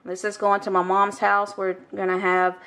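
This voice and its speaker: A woman's voice: medium pitch, monotone, normal speed, bright, forceful tone. A middle-aged woman, chatting animatedly and indignantly in a casual vlog from her home kitchen, recorded on a handheld camera. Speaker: vlogger.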